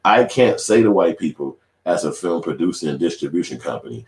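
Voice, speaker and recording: A man's voice: low voice, very animated, fairly quick, reverberant. A man, ranting casually to camera in profane, emphatic street talk. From Chicago. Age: 40s. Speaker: independent filmmaker and vlogger. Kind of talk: casual reaction rant to camera.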